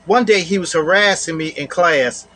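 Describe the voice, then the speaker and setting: Guy with a high voice just talking, telling a story from his life, repeats himself a lot, says "you know" a bunch. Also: moderate pace, fairly bright tone. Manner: repeats phrases, often adds "you know". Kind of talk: casual personal storytelling.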